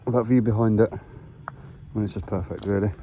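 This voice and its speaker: A young man with a lowish voice talks matily to his handheld phone while out walking. The audio is slightly dull, and faint wind and open-air ambience sit behind him on the exposed hillside. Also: steady tone, fast, mellow. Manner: chatty, matey, talks to camera while walking. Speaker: travel vlogger. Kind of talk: casual hiking vlog. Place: windy hillside outdoors. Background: wind and outdoor ambience.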